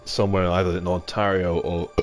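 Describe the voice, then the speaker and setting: A young British man with a low, deep voice, reading chat comments on a live stream in an easygoing way. He swears freely and laughs along with his viewers. Music plays clearly behind him. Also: little pitch movement, a little fast. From Britain. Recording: music playing in the background.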